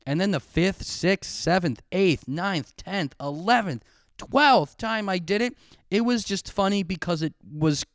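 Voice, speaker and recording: A man's voice: sits high, a little slow, no echo, clean studio sound. A young man hosting a podcast, telling a long childhood story in a rambling, profane, self-mocking way, laughing often. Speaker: podcast host. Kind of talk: casual storytelling monologue. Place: home room, recorded on camera. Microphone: camera mic.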